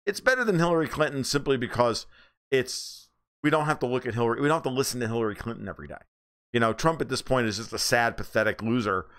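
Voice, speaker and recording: Casting: male livestream host from the US, mid-pitched, blunt, sarcastic, swears freely. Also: quick pace, a bit bright. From United States. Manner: mocks others in high squeaky voices. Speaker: livestream host reading chat. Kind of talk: casual political livestream commentary.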